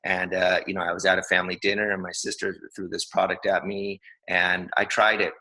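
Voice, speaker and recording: A man's voice: deep voice, level tone, fairly quick, bright, forceful tone, low-quality recording. A man in his fifties giving a casual, enthusiastic training talk, rambling with restarts. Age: 50s. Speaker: co-host.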